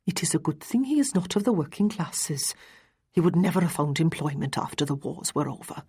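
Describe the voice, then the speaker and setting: A woman voicing a soft-spoken older aunt. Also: deep voice, animated, a little fast, husky, exaggerated voice. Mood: pitying. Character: older Welsh aunt, kindly, gossiping softly.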